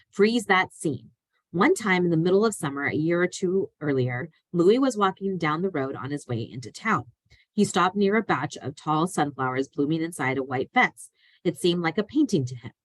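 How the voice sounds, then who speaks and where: Low-voiced woman reading a children's novel. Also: dry recording, rough recording. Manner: plain, steady reading with small slips. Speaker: reader.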